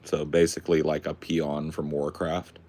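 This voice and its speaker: A male podcast host chatting casually, crude and joking, with an animated delivery. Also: very deep voice, normal speed.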